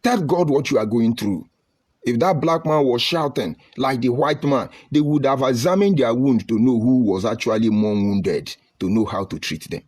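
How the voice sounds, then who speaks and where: A man's voice: mid-range voice, moderate pace, darkish tone, husky. A man giving an impassioned political speech with a preaching, rhetorical delivery and emphatic lists. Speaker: political speaker.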